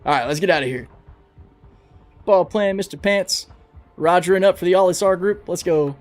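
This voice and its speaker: A man livestreaming a video game, giving excitable, casual commentary, swearing freely and talking to his chat. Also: high voice, normal speed, soft background music. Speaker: gaming livestreamer.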